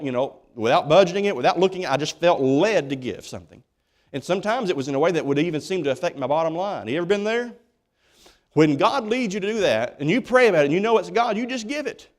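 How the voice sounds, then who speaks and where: Man, pastor, sermon in a church, folksy, emphatic, repeats himself, a bit high-pitched. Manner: folksy, emphatic preaching with many repeated starts.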